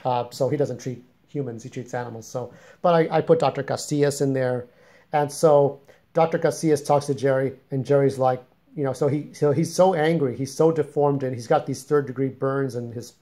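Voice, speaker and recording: A man talks through the plot of a story he wrote, keeping it loose and conversational. His pitch sits in an ordinary middle range for a man. He wanders a little and doubles back without any polish. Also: a little mellow. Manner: rambling, informal, plain-spoken retelling. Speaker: fiction writer summarizing his story. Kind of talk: casual spoken story summary.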